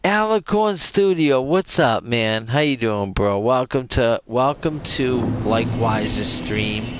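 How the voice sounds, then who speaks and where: A man's voice: mid-range voice, animated, slow pace, noisy background. A young man livestreaming a video game, swearing and trash-talking the enemies and chatting with his viewers. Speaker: gaming livestreamer. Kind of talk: profane live gameplay commentary. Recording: game music playing loudly behind. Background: loud game music.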